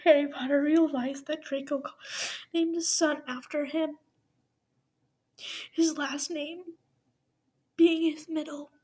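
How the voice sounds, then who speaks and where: A woman reading fan fiction aloud, with emotional whispered asides and sighs. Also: sits high. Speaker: fanfiction reader.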